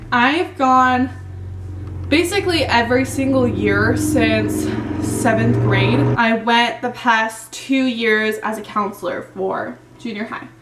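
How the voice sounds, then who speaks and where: A young woman vlogger chatting casually through a Q&A, full of "like" fillers, with a slightly hoarse voice. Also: a little high, distant mic. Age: young adult. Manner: chatty, many "like" fillers, laughs often. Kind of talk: casual Q&A chat. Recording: echoey room, mic set back.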